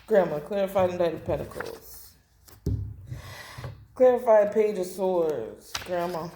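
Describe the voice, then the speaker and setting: A woman's voice: lowish voice, a little slow, background noise. A woman doing a blunt, emotional tarot reading to camera, repeating phrases and swearing. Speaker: tarot reader. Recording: echoey room.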